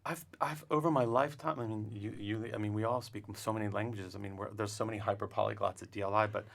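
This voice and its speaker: Low gravelly guy chatting in a studio, kinda rambly and thoughtful. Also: fairly even intonation, fast. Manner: thoughtful, many restarts and fillers. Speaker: language instructor. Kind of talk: casual interview talk.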